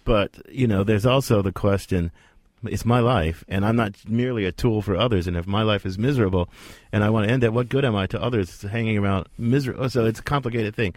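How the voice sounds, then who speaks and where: Brisk low-voiced male radio host. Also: darkish tone, no echo, studio quality. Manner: brisk, takes callers and wraps up segments. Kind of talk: call-in radio discussion.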